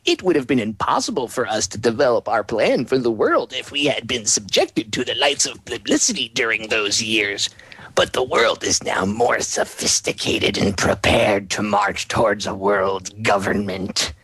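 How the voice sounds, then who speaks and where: A man's voice: on the low side, lively intonation, moderate pace, a bit bright, slightly rough, no room sound, pitched below the performer's own voice, full character voice, low-quality recording. A man voicing a sly, evil, wrinkled old banker in a subdued, creepy voice. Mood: sinister.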